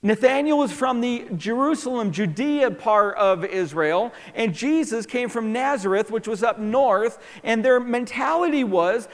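Speaking in a large hall, a New York pastor delivers an animated sermon in a very high-pitched voice, unhurried yet with hardly any pauses. He fires many questions at his listeners while explaining the land and its people.

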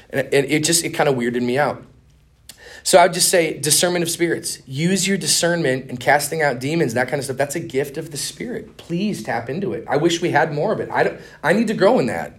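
A young man giving a conference master class, telling stories in a casual, earnest way with slang and restarts. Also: on the high side. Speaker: conference speaker. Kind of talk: conference teaching talk.

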